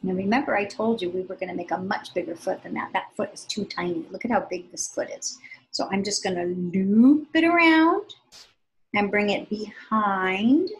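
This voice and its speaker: A woman teaching young children to draw, giving slow, patient, sing-song step-by-step instructions. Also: medium pitch, low-quality recording. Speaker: art teacher.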